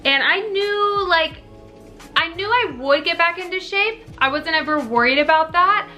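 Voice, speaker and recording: A woman's voice: very high voice, lively intonation, normal speed, sharp tone. A young woman answering viewer questions in a casual, earnest chat to camera, full of "like" and "you know". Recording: faint music behind.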